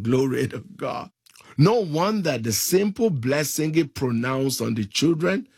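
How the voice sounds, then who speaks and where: A man preaching a sermon, slow and emphatic, stretching out key phrases. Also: mid-range voice, slightly rough, no echo, studio quality.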